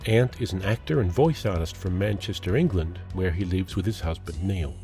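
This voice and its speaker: A man introducing a story and its reader on a podcast in a measured, formal way. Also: deep voice, dark tone. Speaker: podcast host. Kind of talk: scripted introduction. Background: music.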